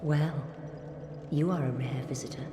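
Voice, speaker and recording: A woman voicing a mysterious female keeper of a bonfire in a fantasy video game, speaking in formal, archaic, measured lines. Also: sits low, steady tone, close to an everyday voice. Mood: solemn. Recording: echoey game audio with long reverb and hiss.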